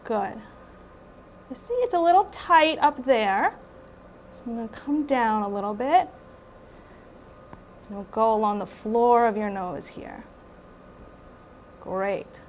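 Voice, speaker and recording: A woman clinician giving a patient gentle, reassuring step-by-step instructions during an exam. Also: fairly high pitch, lively intonation, slow pace, long pauses, slight background noise. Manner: gentle, reassuring, brief prompts. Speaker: clinician performing endoscopy.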